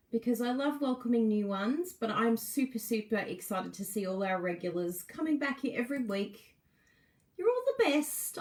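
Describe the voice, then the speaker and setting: A middle-aged woman, hosting a casual live stream, bubbly and laughing often as she greets viewers by name. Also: a little high. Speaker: Facebook Live host.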